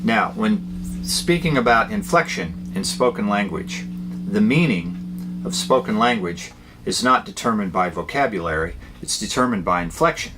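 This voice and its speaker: A man giving a guitar lesson, explaining ideas in a plain, unhurried way with fillers between phrases. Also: fairly low pitch, animated, fairly bright tone. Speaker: guitar teacher. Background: guitar playing between phrases.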